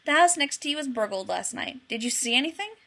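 A woman reading a story and voicing an excitable young man who poses as a psychic, full of exuberant wisecracks. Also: very high-pitched, fast, creaky, voice pushed up, exaggerated voice. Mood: giddy.

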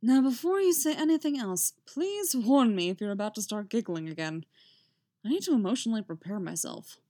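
A woman's voice: a little high, expressive, a little fast, mellow. A woman voicing a chatty, teasing young male bard with a lilting, playful delivery.

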